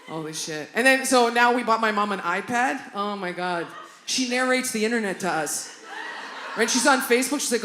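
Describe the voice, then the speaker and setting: A woman's voice: a little high, unhurried, long pauses. A woman performs a stand-up set live in a theatre, brash and profane, jumping into quoted voices as she tells her stories. The room is roomy and echoey, and a busy audience hum sits under her voice. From Canada. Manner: brash, profane, animated storytelling with acted-out quotes. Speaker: stand-up comedian.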